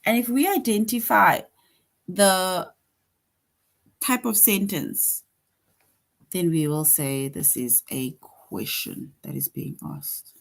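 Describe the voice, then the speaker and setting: A woman teaching a grade two class online, speaking in a slightly low voice. She talks at an unhurried, deliberate pace, pausing to read each example sentence aloud before explaining it. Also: creaky.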